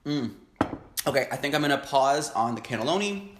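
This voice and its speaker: A young man hosting an eating show, chatting casually and excitedly between bites with lots of happy humming. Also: medium pitch, a little fast, roomy sound, noisy background. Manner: chatty, excitable, frequent hums of enjoyment. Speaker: mukbang host. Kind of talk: casual chat while eating. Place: home, indoors.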